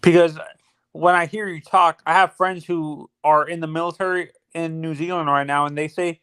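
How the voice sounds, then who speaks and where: A man's voice: a little high, fairly even intonation, normal speed, a bit bright, clear, resonant tone. A man co-hosting a casual chat, asking long rambling questions.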